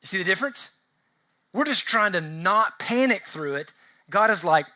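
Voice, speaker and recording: A man's voice: sits high, expressive, brisk, sharp tone. A man preaching a sermon as pastor, talking conversationally, acting out little quoted exchanges and putting questions to the congregation. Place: church sanctuary.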